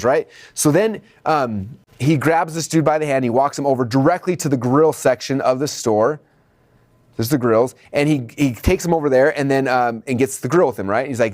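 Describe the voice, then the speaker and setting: A man's voice: mid-range voice, fairly quick, dry recording, studio quality. A man teaching marketing at a whiteboard, telling stories and acting out shop customers in raised voices. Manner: animated storytelling, acts out customers in raised voices. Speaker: marketing trainer.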